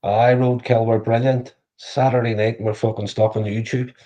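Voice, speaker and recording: A man's voice: mid-range voice, level tone, normal speed, dark tone. A man chatting casually on a livestream, crude and joking, swearing freely. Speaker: livestream co-host. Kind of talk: casual live chat.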